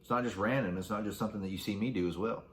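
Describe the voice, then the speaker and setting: A man's voice: fairly low pitch, very fast, fairly bright tone, reverberant. A man hosting a casual solo podcast, reading facts aloud and cracking crude jokes along the way. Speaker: podcast host.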